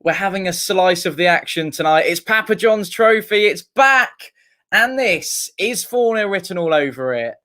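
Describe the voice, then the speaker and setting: Chatty livestream host with a higher voice, greeting viewers and reading out comments. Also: male voice, lively intonation, normal speed, sharp tone. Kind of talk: casual fan watch-along chat.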